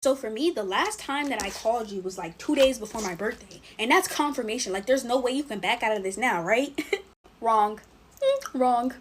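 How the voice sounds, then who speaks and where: A young woman tells a personal story in casual storytime fashion, emphatic and animated. Her voice sits a little high and swings freely up and down, with a faint hum of ambience behind her. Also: normal speed. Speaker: storytime narrator.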